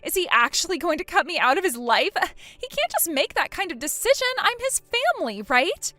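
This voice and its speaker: Bratty, mocking young sister-in-law voiced by a woman for a text-message drama; high, swooping pitch, dry close sound. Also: very animated, moderate pace, a bit bright, no room sound. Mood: shocked. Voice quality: mocking, whiny. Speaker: voice actor.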